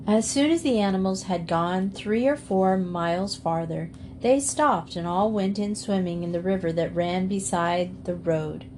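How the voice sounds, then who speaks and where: A woman reading a children's storybook aloud in a calm, measured way. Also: on the low side, a little hiss or hum. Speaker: storybook reader.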